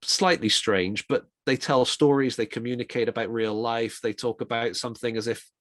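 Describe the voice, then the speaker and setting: Middle-aged man giving a relaxed talk. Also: mid-range voice, no echo, clean studio sound. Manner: informal, reflective, with quick asides. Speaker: speaker on communication for ministry. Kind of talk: conversational talk.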